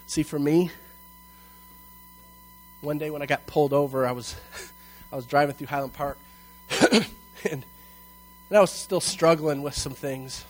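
A male pastor preaching a sermon to a congregation in church, telling a personal story and acting out its dialogue with animated delivery. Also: fairly high pitch, measured pace, long pauses, low-quality recording. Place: church service before a congregation.

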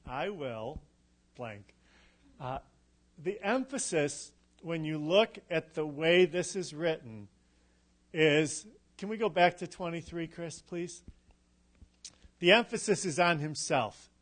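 Slow, high-voiced preaching man. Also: a bit bright. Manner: slow, emphatic preaching with dramatic pauses and light humor. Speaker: pastor. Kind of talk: sermon.

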